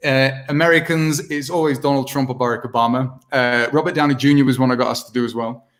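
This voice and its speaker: A man's voice: mid-range voice, fairly even intonation, fast talker, fairly bright tone. A British man, an impressionist guest, chatting casually over a video call, rambling and self-mocking with many restarts. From Britain.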